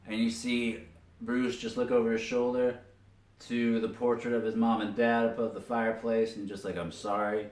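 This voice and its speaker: A man giving a casual spoken recap of a cartoon episode, telling it as an animated story with lots of filler words. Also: medium pitch, moderate pace. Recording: roomy echo, distant from mic.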